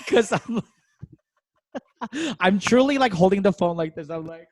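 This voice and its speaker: Animated laughing man telling a story. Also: high-pitched, unhurried. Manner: animated, laughs often, acts out quotes in exaggerated voices. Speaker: comedy podcast co-host. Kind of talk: casual chat, storytelling.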